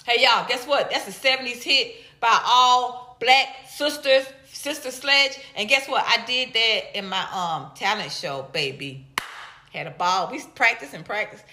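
High bright-voiced animated woman. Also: echoey room. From Atlanta, US. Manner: animated and playful, drawn-out teasing repeats. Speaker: stand-up comedian. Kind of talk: casual vlog reading viewer comments.

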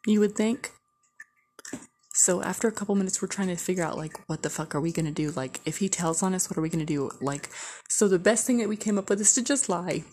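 A woman's voice: fairly low pitch, fast talker, darkish tone, slight background noise. A woman casually telling a candid, profane story, full of "like" and blunt asides. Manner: candid, profane, heavy use of "like".

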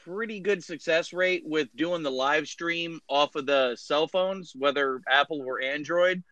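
A man's voice: on the high side, measured pace, pushed and bright, no room sound, dull audio. A man from Florida hosting a casual podcast, chatty and joking. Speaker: podcast host.

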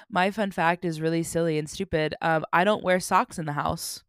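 A woman in her twenties co-hosts a podcast, her lowish voice holding a steady tone at a moderate pace with no echo. She chats casually, giggling and leaning on plenty of fillers.

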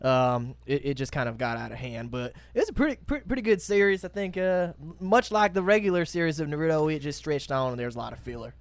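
A man's voice: on the high side, lively intonation, quick pace, hardly any pauses, no room sound. A man hosting a casual anime podcast, laid-back and laughing often. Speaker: podcast host.

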